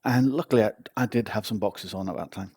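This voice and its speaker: A man's voice: fairly low pitch, fast talker, darkish tone, husky, no echo. A man hosting a podcast, telling a personal story in a casual, wry, self-mocking way. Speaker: podcast host.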